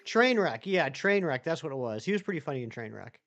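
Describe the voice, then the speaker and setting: A man's voice: on the high side, very animated, fast talker, fairly bright tone, highs cut off. A man live-streaming who chats loosely with viewers, reads their messages aloud and rambles with many restarts. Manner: rambling, chatty, reads chat aloud and answers it. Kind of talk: casual live-stream chat.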